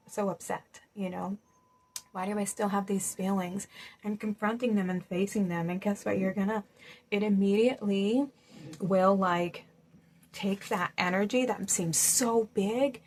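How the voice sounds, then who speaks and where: A woman giving a gentle spiritual reading to viewers, reassuring and casual, with many "you know"s. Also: mid-range voice, a little hiss or hum, rough recording. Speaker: spiritual card reader. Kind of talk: intuitive tarot-style reading to viewers.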